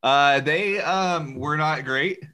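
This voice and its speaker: Brief: male podcast co-host, bright forceful tone, jokey storyteller who laughs a lot. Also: a little high, slow pace, smooth. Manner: joking, laughs often, storytelling. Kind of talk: casual chat.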